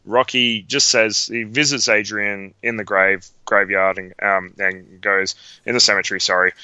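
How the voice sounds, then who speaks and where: A man's voice: on the low side, level tone, normal speed, pushed and bright, clean tone, no echo, lo-fi sound. A man, co-hosting a podcast in casual chat, enthusiastic and emotional, often repeating his words. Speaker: podcast co-host.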